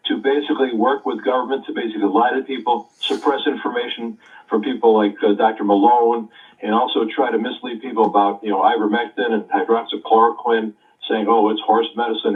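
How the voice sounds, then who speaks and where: A man giving casual political commentary, halting and hesitant, with lots of "uh" between phrases. His voice comes through thin and phone-like, from a fair distance off the mic. His pitch sits in the middle for a man.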